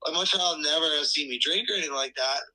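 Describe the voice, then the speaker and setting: A man on a podcast with a very bright, forceful tone and a husky edge. He talks casually and earnestly, and now and then turns to playful lecturing. His voice sits a little high for a man. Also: quick pace, rough recording. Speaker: podcast co-host.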